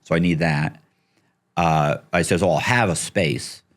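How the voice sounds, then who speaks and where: Middle-aged male guest, deep voice, chatty storyteller who does the voices of the people in his story. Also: unhurried. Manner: animated, acts out the people he quotes, swears casually. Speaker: podcast guest. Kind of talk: casual storytelling interview.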